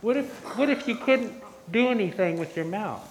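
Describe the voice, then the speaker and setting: A man's voice: sits high, lively intonation, moderate pace. Man giving a children's sermon. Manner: interactive, questioning the children. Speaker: pastor. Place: church sanctuary. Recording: echoey church with faint room noise.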